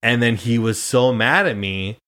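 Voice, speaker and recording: A man's voice: mid-range voice, unhurried, fairly bright tone. A young man from Nebraska, a podcast host, chatting casually and swearing freely as he tells family stories. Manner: swears freely, storytelling with quoted voices. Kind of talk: casual chat.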